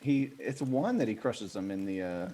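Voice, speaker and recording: Guy at the table teasing his buddies, pitch jumping around a lot. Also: animated, normal speed, warm tone. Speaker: player. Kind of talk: casual chat at a game table.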